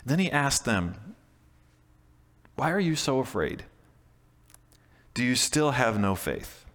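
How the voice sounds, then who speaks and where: A man's voice: medium pitch, big pitch swings, slow, fairly bright tone, long reverb tail. A man preaching a sermon as pastor, talking in a conversational way with frequent restarts and emphatic repeats. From Canada.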